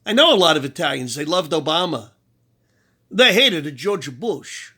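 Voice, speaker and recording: A man with a bright, forceful voice pitched a little high tears into his target with sarcasm. He taunts, mocks and preaches about sin and judgement in a combative commentary rant. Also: sing-song, unhurried, husky. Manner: preachy, invokes God and sin. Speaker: political commentator. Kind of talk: ranting commentary.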